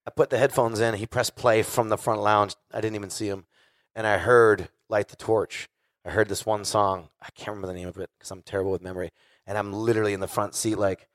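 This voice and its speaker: Swearing animated man telling stories. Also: lowish voice, fairly quick, no room sound, clean studio sound. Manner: animated, swears a lot, acts out voices. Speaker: guest musician telling stories. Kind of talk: casual storytelling on stage. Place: live show before an audience.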